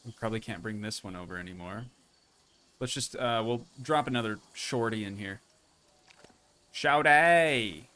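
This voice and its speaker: A man's voice: fairly low pitch, a little fast. Chatty young man streaming a building game. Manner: relaxed, chatty, thinking aloud while building. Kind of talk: casual gameplay commentary.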